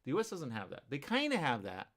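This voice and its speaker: A man's voice: mid-range voice, huge pitch swings, fast talker, a bit bright. A man hosting a talk show, rambling in a casual monologue, repeating himself and checking in with viewers.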